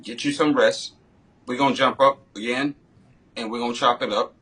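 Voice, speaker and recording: Male podcast host, husky, easygoing, conversational coach type. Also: medium pitch, fairly even intonation, normal speed, sharp tone, rough recording. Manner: laid-back, repeats "you know what I'm saying". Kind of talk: casual podcast interview.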